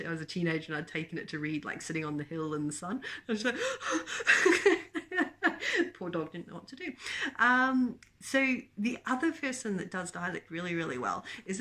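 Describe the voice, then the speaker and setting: Chatty New woman, lowish voice. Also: a bit bright. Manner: chatty, rambling, laughs often, many ums. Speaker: book vlogger. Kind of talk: casual book chat to camera.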